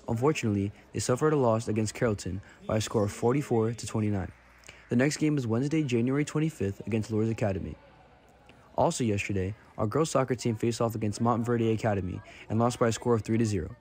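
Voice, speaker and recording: A man's voice: on the low side, quick pace, a little mellow, slight background noise. A teenage boy reading the school sports report with game scores and schedules.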